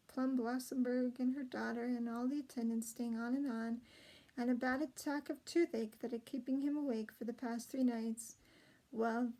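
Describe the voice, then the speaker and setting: A woman reading a children's storybook aloud in a gentle, expressive way. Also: on the high side, poor audio. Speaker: storybook reader.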